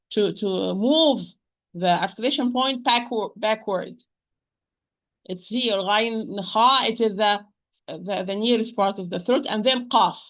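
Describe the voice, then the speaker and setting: Woman teaching recitation online, says each sound again and again slowly, kinda halting, lots of restarts. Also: mid-range voice, fairly bright tone. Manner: patient, repeats sounds slowly to model pronunciation; hesitant restarts, addresses listeners as sisters. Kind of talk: online tajweed lesson. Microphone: home computer mic on a shaky internet connection.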